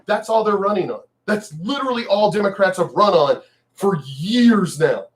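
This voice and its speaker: A man in a profane, mocking political rant, repeating himself and shouting mock cheers. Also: high voice, expressive, moderate pace. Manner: angry, profane, repetitive, mocking. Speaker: video commentator.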